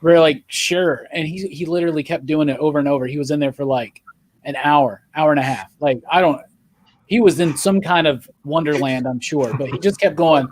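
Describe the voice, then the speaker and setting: A man's voice: on the high side, brisk, a little hiss or hum. A man hosting a casual online stream, chatting in a laid-back way and laughing often. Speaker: stream host. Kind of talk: casual chat.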